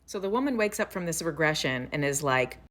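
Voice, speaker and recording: A woman's voice: low voice, lively intonation, fairly quick, a bit bright. A woman hosting a casual storytelling vlog, chatty and enthusiastic, with some swearing. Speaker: host.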